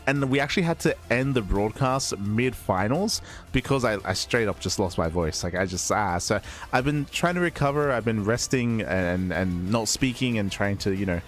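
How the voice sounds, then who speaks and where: Hoarse man casting an esports stream. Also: lowish voice, lively intonation, moderate pace, soft background music. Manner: rambling, self-correcting, apologetic. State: hoarse, recovering from voice loss. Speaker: esports caster. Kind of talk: casual stream wrap-up.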